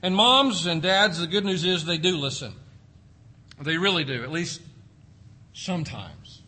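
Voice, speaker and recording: A man preaching a sermon, swinging between loud emphasis and hushed, quiet drops. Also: a little high, lively intonation, measured pace, slightly rough. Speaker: pastor.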